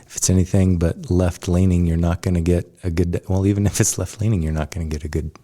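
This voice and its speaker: Male co-host, very low, mellow voice, deliberate and reflective. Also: little pitch movement. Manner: slow, deliberate, thinks aloud in measured phrases. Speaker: podcast co-host. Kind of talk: casual chat.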